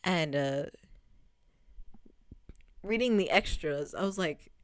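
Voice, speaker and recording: A young woman streamer casually recapping a game, rambling and animated, swearing freely and laughing often. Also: fairly low pitch, slow pace, dry recording.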